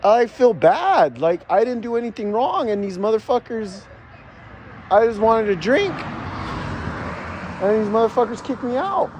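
A male vlogger, shaken and heart racing, films himself outdoors in a city with his phone, ranting with swearing and repetition in an agitated vent. His high voice is very animated and a little mellow, yet he speaks a little slowly with long pauses, over slight background noise.

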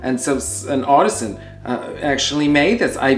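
A man's voice: medium pitch, lively intonation, moderate pace, reverberant, soft background music. A man hosting a comedic tea-making demonstration in his home kitchen, campy and theatrical, with exasperated swearing asides. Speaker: comedy host.

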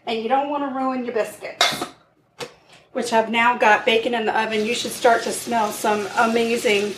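A woman's voice: fairly high pitch, steady tone, normal speed. A woman co-hosting a podcast, baking in her home kitchen and chatting in a rambling way with fillers. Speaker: podcast co-host baking on the show. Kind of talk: casual cooking chat. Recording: echoey kitchen with faint noise.

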